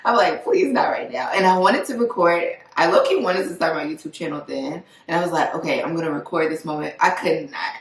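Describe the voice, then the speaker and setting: A woman in her twenties hosting a casual chat with friends, telling stories in an animated way and quoting herself. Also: low-pitched, a little fast, few pauses, distant mic. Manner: animated storyteller, quotes herself. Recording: echoey room, a little off-mic.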